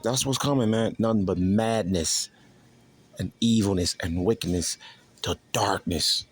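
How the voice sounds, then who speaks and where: A man preaching scripture in a crude, profane way, constantly repeating "you see" to his listeners. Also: fairly low pitch. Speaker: street preacher.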